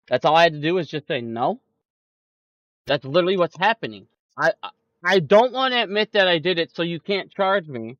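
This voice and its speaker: Swearing constantly, a lively-pitched male stock market streamer delivers angry, profane livestream commentary at a brisk clip and imitates the people he quotes in mocking voices. The recording is dry, dull and lo-fi.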